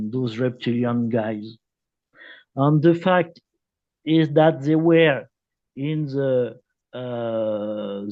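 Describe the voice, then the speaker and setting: A man, a guest author explaining at length in an interview, halting with many fillers and repeated phrases. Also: fairly high pitch, muffled recording. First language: French. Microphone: video call.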